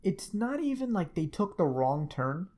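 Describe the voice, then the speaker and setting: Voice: mid-range voice, very animated, moderate pace, mellow. A podcast co-host in casual chat, reacting emphatically. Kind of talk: casual movie-review chat.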